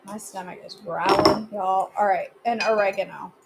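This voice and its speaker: A woman's voice: medium pitch, fairly even intonation, moderate pace, heavy background noise. A woman hosting a live cooking class from her home kitchen, chatting casually and answering viewer comments as she cooks.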